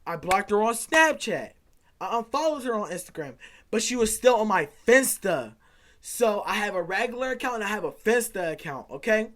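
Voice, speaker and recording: A young man, probably a teenager, vlogs a casual storytime, rambling animatedly while acting out quoted back-and-forth dialogue. His voice sits high and his pace is moderate.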